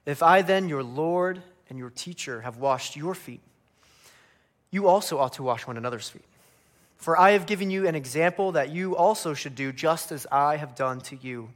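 Animated male preacher, fairly high voice. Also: normal speed. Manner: animated preaching, acting out humorous voices of biblical figures, tag questions. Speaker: pastor. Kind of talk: sermon.

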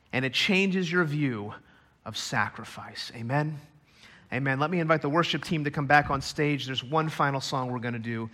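Bright-voiced preaching man. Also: fairly high pitch. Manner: emphatic preaching, builds to loud climaxes. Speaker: pastor. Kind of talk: sermon. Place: church stage.

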